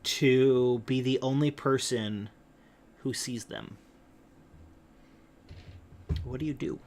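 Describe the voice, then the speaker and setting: A man's voice: medium pitch, fairly even intonation, takes it slowly, darkish tone, a little hiss or hum. A man narrating a tabletop game as game master, hesitant, with frequent ums and uhs.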